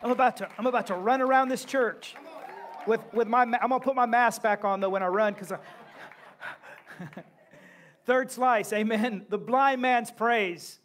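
A male pastor preaching a sermon in a church, impassioned, breaking into shouts and joking asides. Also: very high voice, moderate pace, long pauses. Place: church sanctuary.

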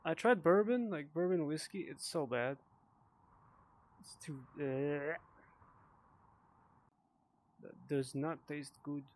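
A man's voice: a little high, slow, pauses often, slight background noise. A tipsy man giving casual commentary while playing a VR game, swearing a lot with frustrated outbursts and mumbled asides. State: tipsy from drinking. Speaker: VR gamer.

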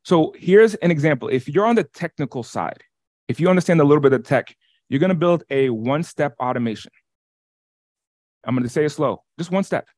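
A man co-hosting an online workshop, teaching in an energetic way, often restarting and repeating his words. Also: on the high side, a little fast, no room sound, clean studio sound. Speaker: workshop co-host. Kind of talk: webinar teaching. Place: lives in Las Vegas.

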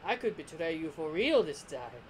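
A man's voice: a little high, big pitch swings, moderate pace, a little hiss or hum. A man imitating a sarcastic, smug male alien tyrant from a cartoon, in a mock-polite, sneering manner.

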